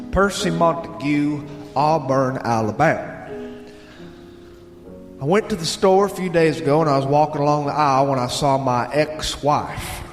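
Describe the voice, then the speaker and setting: Southern male radio host reading listener mail at an easy storytelling pace; reverberant room, bluegrass music behind. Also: medium pitch. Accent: Southern American.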